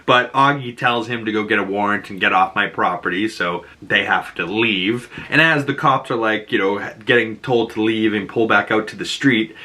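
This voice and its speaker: A man's voice: lowish voice, moderate pace, hardly any pauses, pushed and bright. A man with a Boston accent casually recapping a TV episode. He swears freely and acts out quotes. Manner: casual, profane, lots of "like" and acted-out quotes. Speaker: show reviewer. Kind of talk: TV episode breakdown and reaction.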